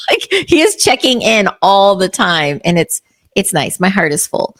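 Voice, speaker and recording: A woman's voice: medium pitch, sing-song, unhurried, a bit bright. A woman in her fifties from Texas, hosting a podcast interview in a chatty way and telling family anecdotes. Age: 50s. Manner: chatty, tells anecdotes acting out quotes. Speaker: podcast host. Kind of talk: casual interview chat.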